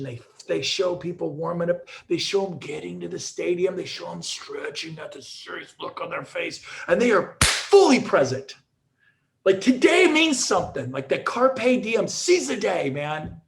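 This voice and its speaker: A middle-aged man gives an energetic motivational talk, piling up restarts as he tells his stories. His voice sits a little high for a man and has a gravelly edge. He speaks as a guest on a show. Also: moderate pace, a little hiss or hum. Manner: energetic storytelling with repeated restarts.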